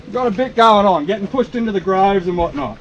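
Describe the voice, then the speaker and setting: An Australian man hosting a fishing vlog from a small boat, chatting casually in an excitable, drawling, folksy way. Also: high voice, quick pace, lo-fi sound, a little hiss or hum. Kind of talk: casual outdoor vlog commentary. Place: small boat on open water.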